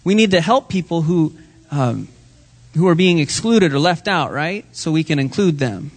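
High-voiced man giving a children's sermon. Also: animated, moderate pace. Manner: friendly, questioning, talks down gently to kids. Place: church sanctuary.

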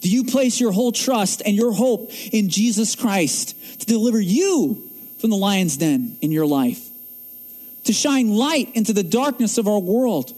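A male pastor delivers a sermon with emphatic phrasing, pressing his listeners with questions. His voice sits very high for a man. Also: darkish tone. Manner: emphatic, rhetorical questions to the congregation.

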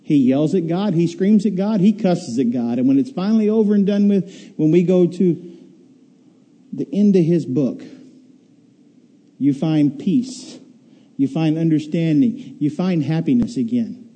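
Male preacher, sermon, emphatic rhetorical questions, dark mellow voice, long hall reverb. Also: a little high, expressive, unhurried. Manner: emphatic, repeats key words and rhetorical questions. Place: church hall with congregation.

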